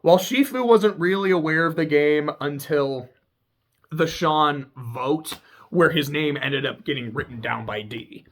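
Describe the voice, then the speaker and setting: A man's voice: on the high side, unhurried. A man chatting casually as he recaps a TV show, rambling and swearing freely.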